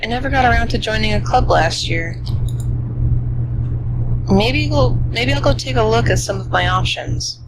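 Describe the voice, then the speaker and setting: A game streamer reading a visual novel's dialogue aloud in an animated way. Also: medium pitch, moderate pace, long pauses, noisy background.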